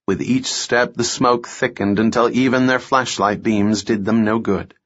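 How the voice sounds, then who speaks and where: Man, audiobook narrator, steady measured reading, middling pitch, dull lo-fi recording. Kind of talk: scripted narration.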